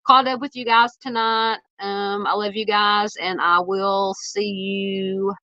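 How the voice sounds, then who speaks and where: A woman's voice: medium pitch, little pitch movement, takes it slowly, bright, forceful tone. Scratchy-voiced Southern woman hosting a livestream. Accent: Southern American. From Southern United States. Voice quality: scratchy, nasal voice. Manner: rambling, filler-heavy, thanking viewers. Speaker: true crime live stream host. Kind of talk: casual live stream sign-off, reading chat. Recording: dull, dry lo-fi mic.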